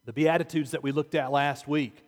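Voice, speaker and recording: A male pastor delivers a sermon in a relaxed, conversational way and often turns to his listeners with rhetorical questions. His voice sits a little high for a man. The sound carries the long reverb of a church sanctuary. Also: moderate pace.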